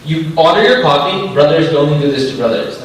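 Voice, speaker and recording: A young man gives an informal, joking talk to students, full of slang and lively storytelling. His voice sits a little high. He is recorded from a distance in a large, heavily echoing hall, with faint room noise behind him. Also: quick pace. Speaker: Islamic speaker. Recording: echoey hall from far off.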